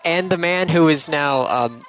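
A man hosting a podcast, talking in a relaxed, casual way. He is dry and teasing, brushing off his co-host's suggestions. Faint music plays behind him. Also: medium pitch, moderate pace. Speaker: podcast host. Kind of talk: casual chat.

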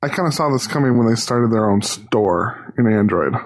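A man's voice: mid-range voice, lively intonation, moderate pace. A man co-hosting a podcast in casual chat, with wry, joking remarks. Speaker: podcast co-host.

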